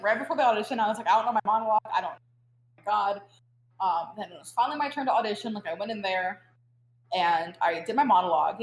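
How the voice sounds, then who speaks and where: A young adult woman, a podcast guest, telling stories in a chatty, casual way, full of filler words. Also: mid-range voice. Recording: roomy echo.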